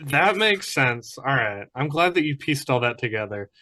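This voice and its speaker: A man with a bright, tense voice chats casually about a film. He talks in a relaxed way and hedges often, filling his sentences with "like". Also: medium pitch, moderate pace, slight background noise. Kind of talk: casual movie discussion.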